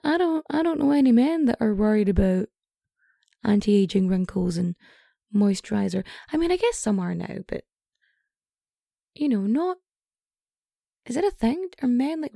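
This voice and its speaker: Woman, podcast host, gravelly hoarse voice, very dark tone, chatty rambling asides. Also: a little high, no room sound, studio quality. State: voice getting hoarse. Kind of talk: casual comedic storytelling.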